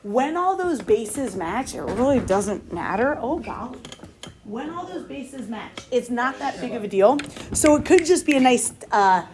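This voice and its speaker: An upbeat woman runs a math class, talking fast and tossing questions to her students. Her voice sits a little higher than most women's. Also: very animated, crowd noise. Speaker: math teacher. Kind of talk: classroom lesson.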